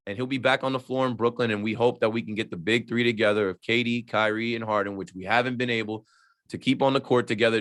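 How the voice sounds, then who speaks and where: A man from the New Jersey shore, a sports radio host, chatting on a podcast in an emphatic way and acting out the people he quotes. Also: medium pitch. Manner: emphatic, acts out quoted exchanges in lively voices. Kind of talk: casual podcast chat.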